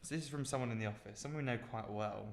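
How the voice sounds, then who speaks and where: Young british guy rambling thru a story, lots of like and um, middle pitch, echoey room. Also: racing, gravelly. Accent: British English. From Britain. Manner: rambling storyteller with many fillers. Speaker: podcast co-host. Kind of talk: casual chat. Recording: roomy echo.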